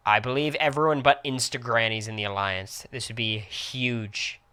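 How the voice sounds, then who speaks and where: Young guy streaming, bright clear voice, quick reactive play-by-play. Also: medium pitch, fairly even intonation. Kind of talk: casual live-stream commentary.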